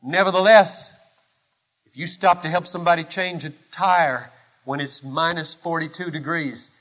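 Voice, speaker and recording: A male pastor preaching a sermon, impassioned and rhetorical, swinging from loud declarations to hushed lines. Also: fairly high pitch, fairly even intonation, moderate pace.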